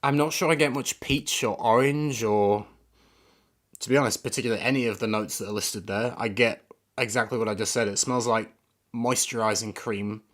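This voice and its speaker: A man's voice: on the low side, steady tone, moderate pace, fairly bright tone. Man, fragrance reviewer, live stream, casual, rambling, searching for words.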